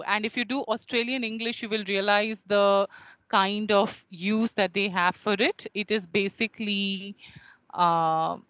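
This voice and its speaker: A woman teaches over a video call at an unhurried pace. She repeats words carefully to model their pronunciation. Her voice sits at an ordinary pitch. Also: steady tone, fairly bright tone, no room sound, lo-fi sound. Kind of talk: online phonetics lecture.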